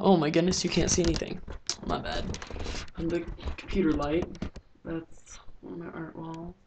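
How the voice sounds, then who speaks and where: A woman's voice: lowish voice, vocal fry, a little mellow, a little hiss or hum. A teenage girl recording a casual video diary in her bedroom, rambling with lots of filler words. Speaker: vlogger.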